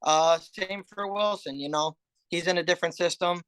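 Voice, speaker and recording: A man's voice: sits high, fairly even intonation, normal speed, a bit bright, smooth, no echo. A man co-hosting a sports betting podcast, talking casually with a lot of hesitation fillers. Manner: hesitant, lots of uh and um. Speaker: podcast co-host.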